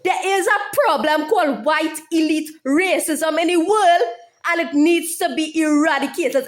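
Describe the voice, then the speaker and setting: A woman's voice: sits high, moderate pace. A woman YouTuber speaking in an impassioned monologue, heated and profane, repeating her phrases over and over.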